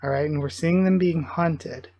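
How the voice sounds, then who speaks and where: A man giving live reaction commentary, thinking aloud in an excited, musing way and often correcting himself mid-thought. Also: a little high, normal speed, no room sound, muffled recording. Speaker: reaction video host.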